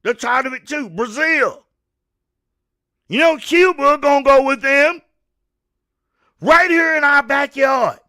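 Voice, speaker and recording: Fiery high-voiced man ranting. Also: slow, pauses often, sharp tone. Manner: fiery, preachy, repeats and stammers, Southern US slang. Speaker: host of a commentary show. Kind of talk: opinion rant to camera.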